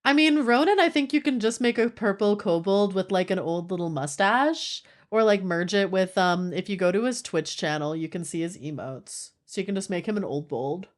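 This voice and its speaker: A woman's voice: mid-range voice, normal speed, hardly any pauses. A woman streamer chatting casually with her live audience, playful and laughing often.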